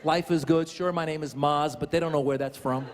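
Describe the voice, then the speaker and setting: A man's voice: fairly high pitch, steady tone, brisk. Chatty man doing stand-up in a hall. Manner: chatty, repeats punchlines. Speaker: stand-up comedian. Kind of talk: stand-up comedy set. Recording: big hall reverb, crowd and noise.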